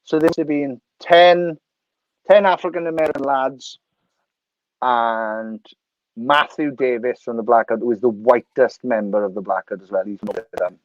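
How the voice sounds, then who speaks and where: A Welsh man in his thirties telling an animated, sweary story as a podcast guest. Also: mid-range voice, moderate pace, no echo, dull audio. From Wales. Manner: animated, sweary, laughs through anecdotes. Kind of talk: casual storytelling.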